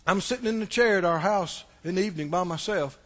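A man with a very high voice preaches a sermon in a hall with a long reverb. He tells stories and swings between loud passages and hushed asides. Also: quick pace. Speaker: pastor.

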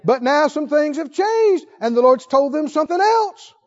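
A man preaching a sermon, telling stories and shifting between hushed asides and loud, emphatic lines. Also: extremely high pitch, lively intonation, normal speed, long reverb tail. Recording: dull lo-fi recording.

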